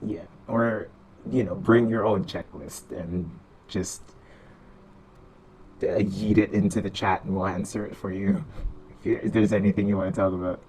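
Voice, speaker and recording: A man's voice: lowish voice, fairly even intonation, moderate pace, darkish tone, a little hiss or hum, rough recording. A man hosting a casual podcast chat, loose and laughing, swearing freely. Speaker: podcast host. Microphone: online voice chat.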